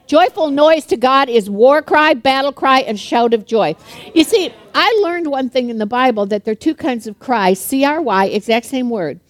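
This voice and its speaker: Older woman preacher with a high, bright voice, quick and joking, delivering a sermon in a church hall. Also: lively intonation. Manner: fast-talking, chatty and humorous, laughs often.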